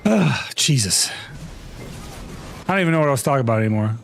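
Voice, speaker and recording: A man's voice: mid-range voice, animated, fast, gravelly, pauses often, slight background noise. A man in his thirties streaming a game live, ranting in playfully dramatic exasperation. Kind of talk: live gaming stream chat. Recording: loud music over the voice. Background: loud music playing.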